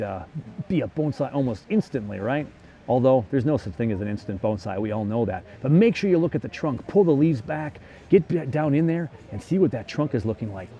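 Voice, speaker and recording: A man's voice: mid-range voice, warm tone. A middle-aged man hosting a casual walk-and-talk vlog, chatty and enthusiastic, full of exclamations, filming as he walks through a greenhouse. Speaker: bonsai vlogger host. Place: indoor greenhouse at a plant nursery.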